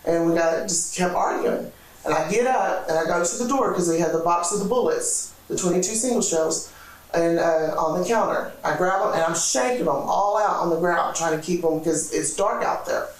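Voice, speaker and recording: A woman's voice: fairly low pitch, moderate pace. A woman in an interrogation, animatedly recounting events and acting out quoted dialogue. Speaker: interrogation subject. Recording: echoey room, distant mic.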